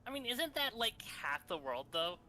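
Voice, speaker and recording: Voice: mid-range voice, sing-song, moderate pace, pushed and bright, dry recording. A speaker from Canada chatting casually during a game, teasing and laughing often. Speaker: gaming co-player. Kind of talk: casual chat while gaming.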